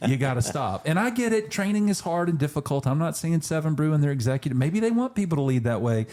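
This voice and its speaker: A man's voice: a little high, animated, quick pace, mellow. A man, hosting a podcast in a chatty, emphatic way with joking asides. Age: 40s. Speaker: podcast host. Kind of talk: casual podcast chat.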